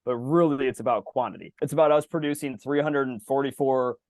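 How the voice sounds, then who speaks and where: A man co-hosting a podcast in casual chat over a video call. He gets animated, swears freely and acts out exaggerated reactions. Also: mid-range voice, a little fast, no room sound. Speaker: podcast co-host.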